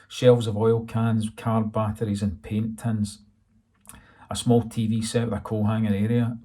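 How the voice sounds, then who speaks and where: A man reading his own novel aloud in a dry, steady storytelling manner. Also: fairly low pitch, vocal fry, husky. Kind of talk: audiobook narration.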